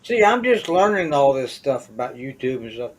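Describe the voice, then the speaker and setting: A man's voice: medium pitch, big pitch swings, moderate pace, rough recording. A man from West Virginia with a Southern accent, chatting casually and agreeing often. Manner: agreeable, frequent "yeah". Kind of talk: casual chat.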